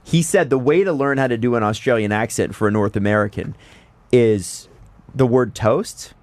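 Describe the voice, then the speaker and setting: A man co-hosting a podcast in casual chat, animated and laughing often, his voice swooping up for emphasis. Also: medium pitch, normal speed, no echo. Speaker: podcast co-host.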